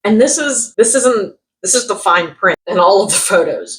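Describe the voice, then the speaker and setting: A young woman vlogging comedic product reviews, sarcastic and animated, jumping from loud outbursts to muttered asides. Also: medium pitch, moderate pace, hardly any pauses, low-quality recording. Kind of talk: casual comedic commentary.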